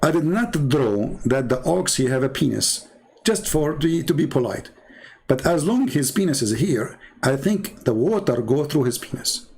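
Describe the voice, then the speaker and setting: A man's voice: fairly high pitch, lively intonation, normal speed, darkish tone, breathy edge. A man speaking in mocking, sarcastic commentary in non-native English, drawing on screen as he talks.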